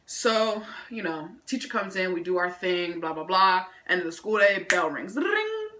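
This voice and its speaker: A woman vlogger telling a story from school in an animated, slangy way, adding her own sound effects. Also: on the low side, moderate pace, noisy background. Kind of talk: casual storytime vlog.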